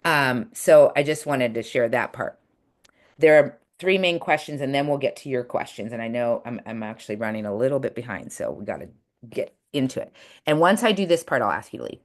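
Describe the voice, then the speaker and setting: A woman's voice: extremely low pitch, lively intonation, brisk. A chatty woman coach teaches a webinar over a video call, talking in a casual, earnest way. She often restarts her sentences and uses fillers as she explains.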